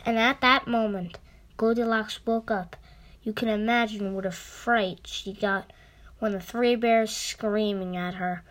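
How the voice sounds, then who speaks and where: A woman reading a children's story aloud, gently addressing young listeners. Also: medium pitch, fairly even intonation, measured pace, poor audio. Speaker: storytime reader.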